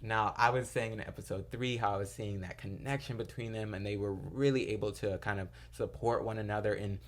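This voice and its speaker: A young reviewer recaps a TV episode in casual chat, his fairly low voice steady in tone and fairly quick. He wanders through it with plenty of fillers, sometimes quoting lines as he retells what happened.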